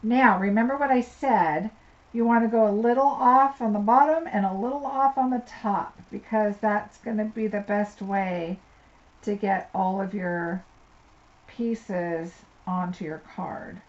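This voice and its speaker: A woman's voice: mid-range voice, measured pace. Chatty woman demonstrating card-making. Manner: chatty, thinks aloud while working. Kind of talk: live craft tutorial. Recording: slightly dull audio with faint noise.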